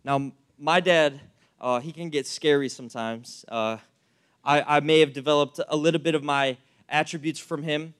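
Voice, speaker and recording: Young male pastor, high voice, lively preaching with anecdotes. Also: moderate pace, clean tone. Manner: animated, acts out anecdotes, many fillers. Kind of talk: sermon with storytelling.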